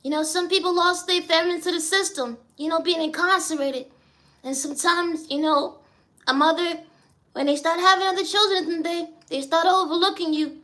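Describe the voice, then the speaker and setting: A man voicing a high, squeaky encourager who gives a spoken-word pep talk and keeps saying "neighbor" and "you know.". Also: steady tone, moderate pace, pushed and bright. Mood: earnest.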